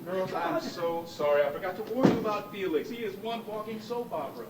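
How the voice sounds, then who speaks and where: An actor playing a gruff, exasperated roommate who scolds and talks fast, performed live on a church stage. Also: male voice, high voice, lightly acted. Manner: brash and fast-talking, scolding. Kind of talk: live stage comedy acting. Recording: echoey hall, distant mic, loud audience.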